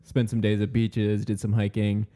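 A man's voice: fairly low pitch, monotone, normal speed, mellow. A man in casual podcast chat, easygoing as he recounts a recent trip. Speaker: podcast co-host.

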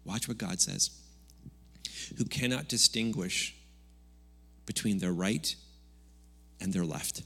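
Speaking slowly with frequent pauses, this pastor has a lowish, creaky voice with a breathy edge. His Sunday church sermon is conversational and full of jokes, punctuated by occasional sudden rises in volume.

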